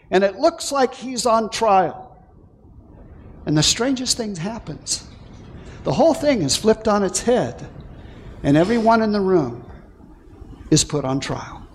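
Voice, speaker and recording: A male pastor preaching an excited, animated sermon, with playful asides to the congregation. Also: high-pitched.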